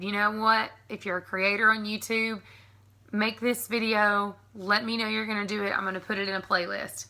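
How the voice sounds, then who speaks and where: A woman in her thirties with a strong East Tennessee Southern accent talks through a word list in a chatty vlog. Her voice is very bright and has a gravelly fry running through it, and she breaks into laughter often. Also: mid-range voice. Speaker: YouTube creator. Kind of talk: casual accent tag vlog.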